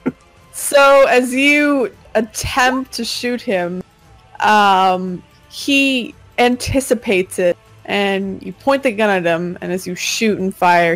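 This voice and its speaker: A woman's voice: medium pitch, poor audio. A woman running a tabletop game as game master, narrating scenes vividly.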